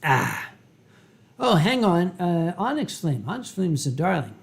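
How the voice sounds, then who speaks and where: A man in his fifties holds forth on his live stream, wine at hand, drawling slowly and in no hurry at all. He rambles and swears freely, pausing for effect, then swings from booming outbursts to hushed asides. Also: very animated, gravelly. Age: 50s. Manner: slow, rambling and profane with dramatic pauses. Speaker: live-stream host answering chat. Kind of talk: casual live-stream chat while drinking wine.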